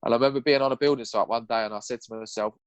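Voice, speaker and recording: A man's voice: mid-range voice, fairly even intonation, racing, clean tone, no echo, lo-fi sound. Earnest young man, dry close sound. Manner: raw, earnest, swears freely. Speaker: podcast guest. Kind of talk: candid personal storytelling.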